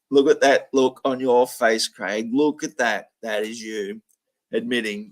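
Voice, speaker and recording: A man's voice: medium pitch, little pitch movement, unhurried. A man hosting a reaction commentary, ranting angrily with lots of swearing and mocking. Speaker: commentary video host.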